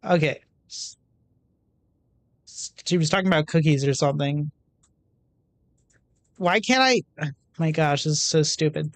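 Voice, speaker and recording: A woman's voice: deep voice, unhurried, pauses often, dry recording. A woman streamer giving casual, playful and self-mocking gameplay commentary.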